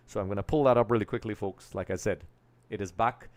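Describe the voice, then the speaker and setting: Talking fast in a fairly low voice with fairly even intonation, a young Trinidadian man runs a live football chat stream. He's casual and a bit rambling, musing out loud while bringing things up on his screen.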